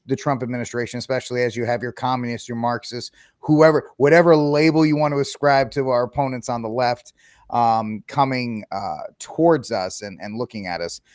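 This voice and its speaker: A man hosting an interview, introducing topics and asking questions in a rambling, halting way. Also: medium pitch, no echo, studio quality. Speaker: podcast host.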